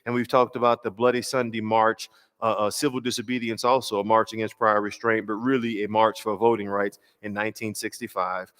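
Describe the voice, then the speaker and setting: Measured pastor lecturing in a hall. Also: male voice, on the low side, level tone, a bit bright, clear, resonant tone. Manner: measured and emphatic, slowing on key phrases; asks rhetorical questions. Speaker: pastor and workshop speaker. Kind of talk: church workshop lecture. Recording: long hall reverb.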